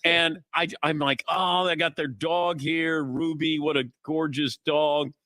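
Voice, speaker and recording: This middle-aged sports talk radio host speaks a little slowly in a fairly high, sharp voice with fairly even intonation. He chats casually on air and tells anecdotes, imitating the voices of people he quotes. There is no echo.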